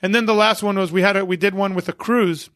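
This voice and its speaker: A man, an event promoter, telling lively stories as a guest on a podcast and acting out what people said. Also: sits high, quick pace, no room sound, studio quality. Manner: animated anecdote-teller who acts out quotes. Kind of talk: casual interview storytelling.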